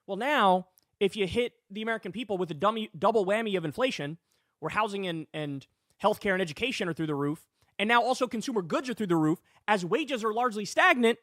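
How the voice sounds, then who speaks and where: A man's voice: high voice, a little fast, no room sound, clean studio sound. A man giving heated political commentary, reading news aloud and reacting with swearing and direct appeals to viewers. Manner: animated, swears, addresses viewers as guys and y'all.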